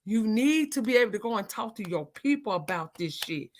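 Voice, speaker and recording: A woman hosting a live chat, cursing heavily and ranting angrily, at times breaking into shouts. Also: mid-range voice, lively intonation, a little fast. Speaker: livestream host. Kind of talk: profane angry ranting chat.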